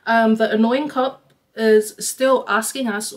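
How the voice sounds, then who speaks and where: Chatty young woman, fairly high voice. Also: normal speed. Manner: chatty, animated, lots of "like". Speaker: vlogger. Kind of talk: casual storytime.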